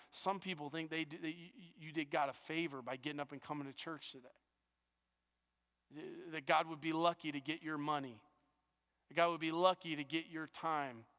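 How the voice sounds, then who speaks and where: A man's voice: on the high side, a bit bright. A man preaching a sermon as pastor, earnest, often stumbling and repeating words as he restarts his sentences. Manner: earnest, with frequent stammered restarts and repetitions. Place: church auditorium. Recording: long reverb of a church hall.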